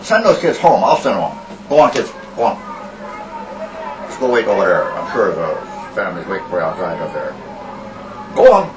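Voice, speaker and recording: A man's voice: sits low, fairly quick. A man playing a crude, blustering uncle who swears heavily at a teacher in an improvised comedy sketch. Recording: echoey, distant, noisy amateur recording.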